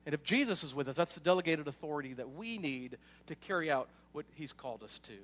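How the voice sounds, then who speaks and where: A man's voice: on the high side, expressive, fast talker, fairly bright tone. A man preaching a sermon in a casual, conversational way, with frequent asides and questions to the congregation. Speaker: pastor.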